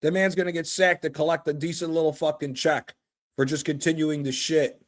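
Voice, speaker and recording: A man streaming a live reaction to a football match, excitable and profane, trash-talking the players. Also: on the high side, fairly quick. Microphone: streaming mic.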